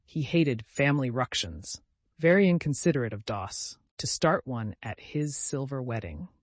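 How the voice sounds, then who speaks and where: A man narrating an audiobook in a steady, measured reading voice. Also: medium pitch, no room sound. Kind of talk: scripted narration.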